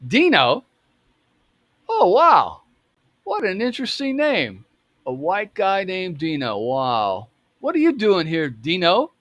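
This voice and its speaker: A man's voice: on the high side, sing-song, normal speed, long pauses, no room sound, highs cut off, pitched above the performer's own voice. Man putting on a sneering, taunting young tough. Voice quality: sarcastic, mocking drawl. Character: taunting young man sizing up a nervous teen.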